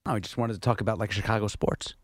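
A man working as producer on a sports radio show, bantering quickly and jokingly with the host. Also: lowish voice, steady tone, no room sound, studio quality. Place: radio studio. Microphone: studio microphone.

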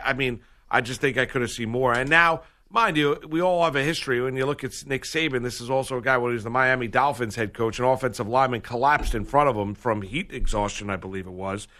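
A man's voice: mid-range voice, bright, forceful tone. A man hosting a sports radio show, talking casually and rambling, correcting himself as he goes. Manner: rambling, self-correcting, laughs often.

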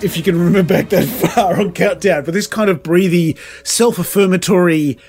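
A man's voice: sits high, moderate pace, darkish tone, breathy edge, soft background music. A man co-hosting a podcast, reviewing an album in rambling casual chat, swearing freely and restarting his sentences a lot. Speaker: podcast co-host.

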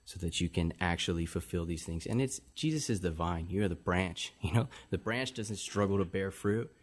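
Male podcast host, low voice, earnest preacher who quotes scripture. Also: moderate pace. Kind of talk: preaching-style faith talk.

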